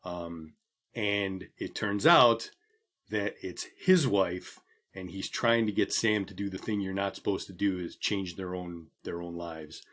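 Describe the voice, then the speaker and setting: Low-voiced man co-hosting a casual podcast. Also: a little slow. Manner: relaxed, rambling with many ums. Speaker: podcast co-host. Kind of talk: casual chat.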